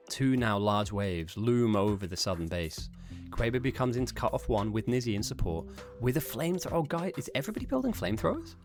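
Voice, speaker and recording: A man live-streaming esports commentary, chatting casually and self-mockingly with his viewers between calls of the action. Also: fairly low pitch. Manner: chatty, self-mocking, rambling asides to chat.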